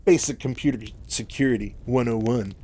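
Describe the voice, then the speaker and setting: A jittery young male recruit, anxious and stammering, as a male narrator voices him. He sounds a little higher and louder than the narrator himself. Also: fairly quick, lightly acted. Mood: urgent.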